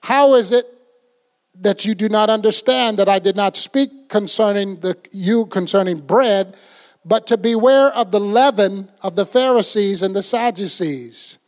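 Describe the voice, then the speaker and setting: A man's voice: sits high, unhurried. An older man preaching a folksy, conversational sermon, acting out little scenes as he goes. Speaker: pastor.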